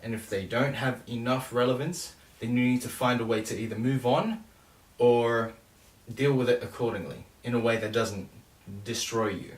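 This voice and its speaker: A man's voice: mid-range voice, normal speed. A young man with an Australian accent, talking casually and loosely about making his own song. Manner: relaxed, rambling, self-correcting. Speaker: songwriter and producer. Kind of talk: casual vlog talk. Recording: roomy echo, distant mic.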